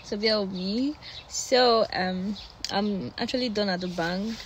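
A woman's voice: medium pitch, unhurried, slight background noise. A young woman with a Nigerian accent, chatting casually to her phone camera outdoors in the cold, with lots of fillers and laughs. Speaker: vlogger. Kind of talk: casual vlog chat.

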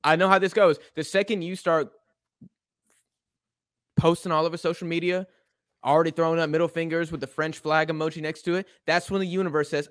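A man co-hosting a casual podcast, talking in relaxed slang and asking his co-host questions. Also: a little high, fairly quick, dry recording, clean studio sound.

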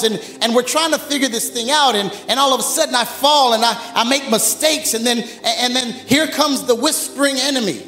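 A man preaching as pastor, in a lively, conversational sermon full of humor, while recovering from bronchitis. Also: extremely high pitch. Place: church sanctuary. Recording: echoey church hall.

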